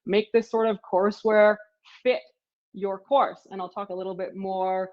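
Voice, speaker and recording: A woman's voice: medium pitch, level tone, moderate pace. A middle-aged professor and author giving a casual slide presentation of her course materials, talking chattily with many fillers. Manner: chatty, many fillers like "you know" and "sort of". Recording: slightly dull lo-fi audio.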